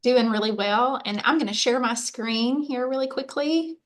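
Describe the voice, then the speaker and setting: A woman on the university faculty gives a conversational presentation over a video call, her voice fairly high and her pace normal. She comes across as a chatty storyteller, packing her talk with fillers.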